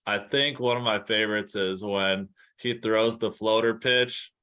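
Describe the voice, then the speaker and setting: A man hosting a casual podcast chat, telling relaxed stories with plenty of fillers. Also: on the low side, measured pace, clear, resonant tone. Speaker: podcast host.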